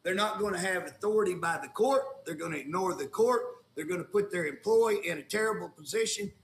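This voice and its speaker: Indignant Oklahoma legislator, folksy talker with a higher pitch and a gravelly edge; echoey room. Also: male voice, brisk. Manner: folksy, indignant storytelling with colloquial grammar. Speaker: state legislator, guest. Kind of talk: casual talk show conversation.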